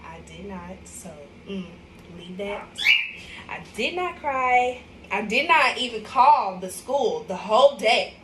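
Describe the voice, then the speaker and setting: Young mama from arkansas just talking to y'all, chatty and emotional, kinda far from the mic in a roomy space. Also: female voice, mid-range voice, animated, measured pace, background noise. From Arkansas, USA. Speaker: vlogger, mother. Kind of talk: casual livestream chat. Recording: echoey room, mic at a distance.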